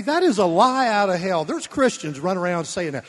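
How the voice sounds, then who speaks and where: A man preaching a sermon, blunt and folksy, swinging between loud emphasis and soft asides. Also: sits high, lively intonation, fairly quick, hardly any pauses. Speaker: pastor. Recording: long reverb of a church hall.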